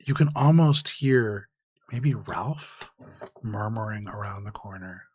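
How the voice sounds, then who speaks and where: A man narrating a tabletop game as game master, setting scenes in a measured, atmospheric way. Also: lowish voice, expressive, a little mellow, slightly rough.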